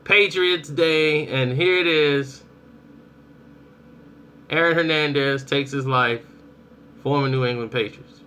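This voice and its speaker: Animated man vlogging, bright voice. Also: on the high side, slow, pauses often, a little hiss or hum. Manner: animated storytelling, acts out reactions. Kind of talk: casual commentary.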